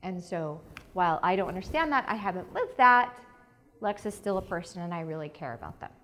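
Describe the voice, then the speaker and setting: A woman's voice: lowish voice, expressive, brisk, fairly bright tone. A woman presenting at a conference, talking frankly and chatty, with jokes, as a psychology teacher. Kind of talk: candid conference talk. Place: conference breakout room.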